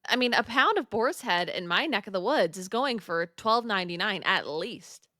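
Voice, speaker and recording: A woman's voice: medium pitch, animated, moderate pace, pushed and bright, no echo. A young woman co-hosting a podcast in casual chat, wry and mock-outraged, close to the mic. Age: young adult. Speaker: podcast co-host.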